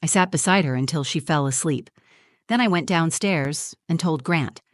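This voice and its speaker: A woman reading a scripted first-person story as a mother, in a steady, even storytelling manner. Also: deep voice, moderate pace, dry recording, studio quality.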